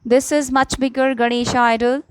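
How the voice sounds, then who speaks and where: A woman's voice: high-pitched, flat delivery, moderate pace, clean tone, no echo, low-quality recording. A young adult woman teaching an online class, patiently explaining and repeating key words, often checking in with "okay?". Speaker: English teacher. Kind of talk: slow, simple classroom explanation.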